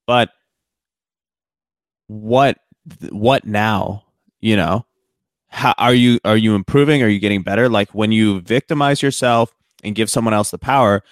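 A man with a lowish voice co-hosts a podcast in casual conversation, speaking reflectively and earnestly with lots of "you know" fillers. The audio is studio quality with no echo.

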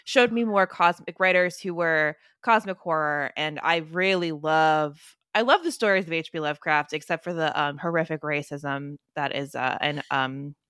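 A woman's voice: sits low, moderate pace, few pauses, fairly bright tone, clean tone, dry recording, studio quality. A young woman guesting on a podcast from home, chatting eagerly and filling her talk with "like". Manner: chatty and enthusiastic, many "like"s. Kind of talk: casual podcast chat. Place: home room with pets nearby.

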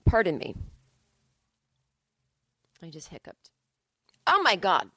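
A woman's voice: lowish voice, wildly swooping pitch, slow pace, a bit bright, slightly rough, no echo. A middle-aged woman hosting a solo comedy podcast, rambling and swearing in a cranky, self-mocking way. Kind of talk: casual solo podcast monologue. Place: indoors.

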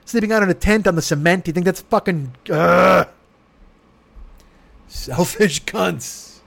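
A man in his fifties hosting his own podcast at home, voice hoarse from yelling, rambling with profane, self-mocking comic patter. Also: sits high, a little slow. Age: 50s. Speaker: podcast host. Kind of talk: casual solo podcast monologue. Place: home room with air conditioner.

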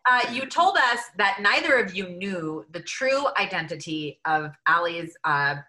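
A woman interviewing two actors, asking her questions in a lively way. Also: fairly low pitch, measured pace, low-quality recording.

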